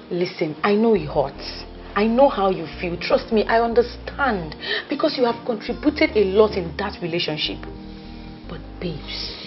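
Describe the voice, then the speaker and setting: An actress playing a best friend who coaxes and comforts, speaking with a Nigerian accent and Pidgin turns. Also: female voice, medium pitch, dull audio. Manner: emphatic, coaxing, lively. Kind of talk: Nollywood film acting.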